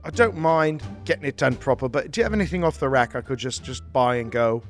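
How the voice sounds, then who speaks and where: Brief: man voicing a tiny touchy customer, mid-pitched, defensive outbursts, improv sketch. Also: quick pace, faint music behind. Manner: prickly, defensive, bursts into indignant outbursts. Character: tiny touchy male creature customer, bowler hat, short-tempered. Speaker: podcast co-host.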